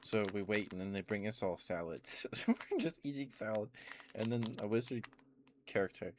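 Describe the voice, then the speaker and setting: Young guy with a really low voice just yapping casually into an asmr mic, lots of likes and ums, faint typing in the background. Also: animated, moderate pace, a little hiss or hum. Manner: rambling, meandering, full of "like" and "um" fillers. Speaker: ASMR streamer. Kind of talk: casual ASMR chat, rambling storytelling. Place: home streaming setup.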